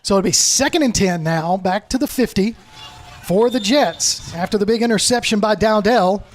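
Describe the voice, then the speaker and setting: A man calling high school football play-by-play, brisk and steady, building up on big plays. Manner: brisk play calling, rises to shouting on scores. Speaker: play-by-play announcer.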